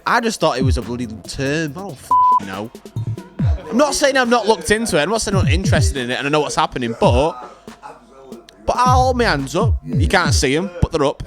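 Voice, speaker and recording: A man's voice: fairly high pitch, very animated, brisk, music in the background. A young British man in casual podcast banter, joking and swearing freely. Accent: British English. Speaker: co-host.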